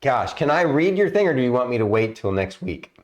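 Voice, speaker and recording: A man's voice: mid-range voice, very animated, brisk. A man narrating as game master on a tabletop game stream, rambling with many fillers and restarts.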